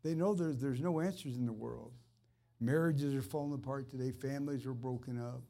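An earnest man in informal ministry, talking straight to one listener in a plain, conversational flow. His voice sits at an ordinary middle pitch, neither deep nor high, and carries a fervent edge. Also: a little fast, creaky, dark tone. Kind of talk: informal preaching and personal ministry.

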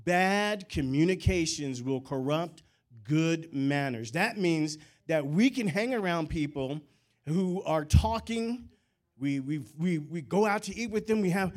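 Animated, higher-pitched male preacher. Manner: animated preaching with call-and-response; conversational storytelling asides. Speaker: pastor. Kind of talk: sermon.

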